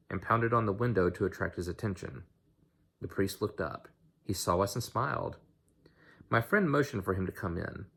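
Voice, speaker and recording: Male reader, unpolished novel reading, very low husky voice. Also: a bit bright. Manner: unpolished, with slips and restarts. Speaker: audiobook reader.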